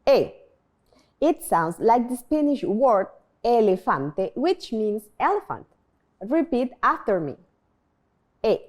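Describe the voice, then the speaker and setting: Woman teacher for a scripted beginner lesson; animated, clear, unhurried delivery. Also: on the high side. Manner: slow, clear modeling of pronunciation, prompting repetition. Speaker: language teacher.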